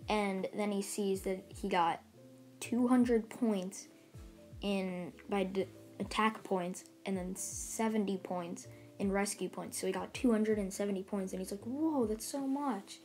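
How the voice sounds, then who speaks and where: A woman's voice: medium pitch, fairly even intonation, measured pace, darkish tone, soft background music. A woman casually retelling a fan story, rambling along with lots of fillers and restarts.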